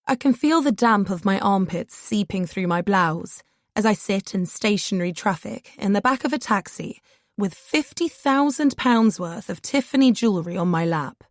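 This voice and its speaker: A woman narrating an audiobook in the first person, measured and steady. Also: mid-range voice, dry recording, studio quality.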